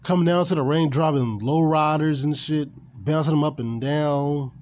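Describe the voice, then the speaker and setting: A man's voice: on the high side, moderate pace, darkish tone. A man ranting casually and with animation about wrestling, swearing and repeating himself. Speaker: gaming and wrestling commentator. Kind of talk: casual opinion rant.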